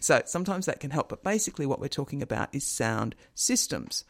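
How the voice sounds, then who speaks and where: A man hosting a show, explaining accents and phonemes in a relaxed, conversational way with many fillers. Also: mid-range voice, fairly quick. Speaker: host explaining linguistics. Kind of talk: casual educational talk.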